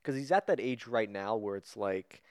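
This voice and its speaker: A man's voice: lowish voice, lively intonation, normal speed, darkish tone, clean tone, no room sound, clean studio sound. Enthusiastic man musing on a podcast. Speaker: podcast co-host. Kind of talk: casual chat.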